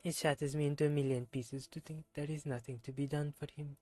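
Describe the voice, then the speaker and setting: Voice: mid-range voice, little pitch movement, quick pace, a little mellow, no room sound, faint music behind, natural voice, poor audio. A streamer reading game dialogue in a put-on French accent as a melancholy, pious scholar, formal and mournful.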